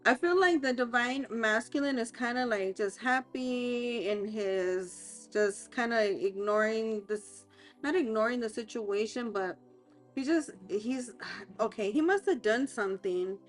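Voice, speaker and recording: A woman reading tarot cards aloud as a life coach, talking in a hesitant, halting way with many fillers and restarts. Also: on the high side, soft background music.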